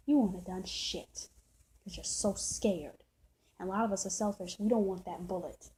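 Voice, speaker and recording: A woman's voice: medium pitch, fairly even intonation, normal speed, mellow, rough recording. A woman ranting to camera, heated and preachy, with a lot of swearing and the same points said again and again. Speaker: vlogger. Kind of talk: impassioned rant to camera.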